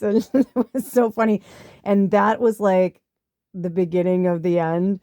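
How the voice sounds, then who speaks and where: A woman's voice: little pitch movement, measured pace, warm tone, no room sound. Middle-aged woman, podcast host, chatty storytelling, casual swearing, dry close sound. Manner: chatty, swearing, acts out quotes in a higher voice. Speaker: podcast host, spiritual medium.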